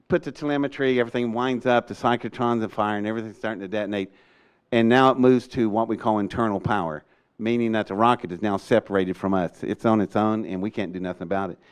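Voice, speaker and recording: An older man telling a story in a lively way. He laughs often and acts out what other people said. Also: fairly low pitch, clear, resonant tone. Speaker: speaker recounting a rocket test. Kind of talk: animated storytelling talk.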